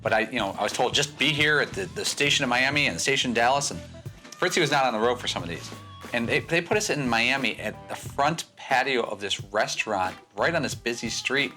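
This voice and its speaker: Quick, bright-voiced radio host. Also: male voice, mid-range voice, expressive, soft background music. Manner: chatty, quotes others while telling stories. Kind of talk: casual studio chat, storytelling.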